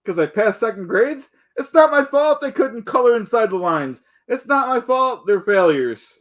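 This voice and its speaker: A man's voice: very high voice, lively intonation, moderate pace. A man in a rambling comedic rant, indignant and boastful, calling himself the Duke and stumbling over repeated words. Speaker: comedic ranter.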